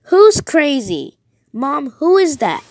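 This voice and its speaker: A frightened teenage girl home alone, panicky and full of questions, as a woman reads her part. The voice sits fairly high and sounds close and dry, with no room around it. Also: big pitch swings, slow, no echo, exaggerated voice. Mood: scared. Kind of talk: reading a text-message horror story aloud.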